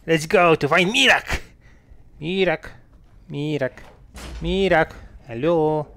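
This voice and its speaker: A man giving casual gameplay commentary, excitable, swearing and laughing often with sudden loud outbursts. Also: on the high side, takes it slowly, pauses often, dry recording. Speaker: gamer.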